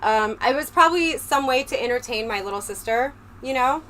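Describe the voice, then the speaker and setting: A woman livestreamer with a slightly high voice talks straight to her chat in a loose, rambling way. She is close on a desk microphone at home, with a low fan humming faintly behind her. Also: animated, brisk, pushed and bright. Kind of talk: casual livestream chat with viewers. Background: low fan hum.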